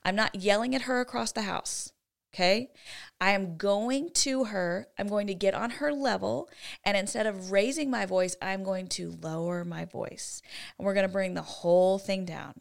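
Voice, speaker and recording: A woman's voice: mid-range voice, moderate pace, creaky. Earnest woman teaching Christian parenting. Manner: earnest and teaching, with lively shifts in volume. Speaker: co-host of a Christian parenting show. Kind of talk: faith-based parenting talk.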